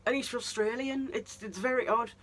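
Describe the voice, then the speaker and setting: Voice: medium pitch, normal speed, a bit bright. A vlogger giving a casual review monologue of a TV season, ranting and incredulous, with many restarts.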